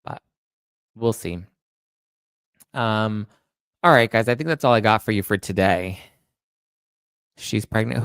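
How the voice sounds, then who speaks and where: A man hosting a pop culture show in casual chat, breaking into high-pitched disbelief. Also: measured pace, pauses often, fairly bright tone, smooth, dry recording. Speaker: pop culture podcast host.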